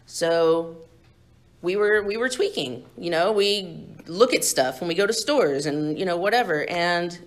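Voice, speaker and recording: A woman's voice: fairly low pitch, unhurried. A young woman candidly telling her own recovery story to a group, blunt and profane and laughing often. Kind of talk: candid personal testimony to a group.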